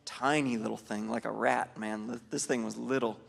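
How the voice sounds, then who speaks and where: A man's voice: medium pitch, steady tone, normal speed, vocal fry, long reverb tail. A man leading a worship team rehearsal, talking casually and telling a story in a loose, rambling way with many fillers and restarts. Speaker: worship leader. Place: church hall during a music rehearsal.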